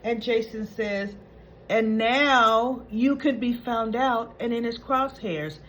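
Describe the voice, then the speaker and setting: A woman's voice: on the high side, takes it slowly, fairly bright tone, a little hiss or hum, low-quality recording. A woman hosting a soap opera recap, retelling scenes in a chatty, opinionated way.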